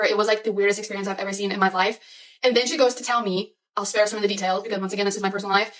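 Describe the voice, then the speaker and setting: Brief: woman in her 20s, anxious storyteller, rushed delivery, mic a little far off. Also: medium pitch, a bit bright. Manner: fast, anxious retelling with many "like"s. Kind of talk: personal storytime vlog.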